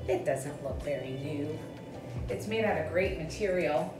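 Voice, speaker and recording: Speaking unhurriedly in a deep voice, a woman vlogs in a casual, chatty style, musing aloud and occasionally whispering. Music sounds behind her in an echoey room.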